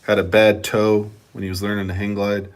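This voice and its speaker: A man's voice: lowish voice, little pitch movement, a little fast. A man chatting casually in a vlog, reading viewer comments and swearing freely while he rambles. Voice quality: profane, rambling, laid-back. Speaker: channel host.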